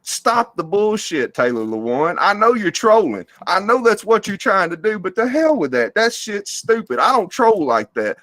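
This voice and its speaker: A man's voice: sits high, big pitch swings, moderate pace, hardly any pauses, a bit bright, dry recording. A man co-hosting a sports show, ranting in a fired-up, profane way about a rival team. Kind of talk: heated sports rant.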